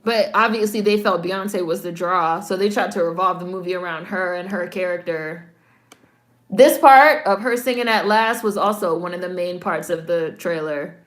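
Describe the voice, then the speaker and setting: A woman's voice: lowish voice, normal speed. A woman hosting a casual watch-along of a film, commenting bluntly and swearing freely. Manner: blunt, profane, talks back at the screen. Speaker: host reacting to a film.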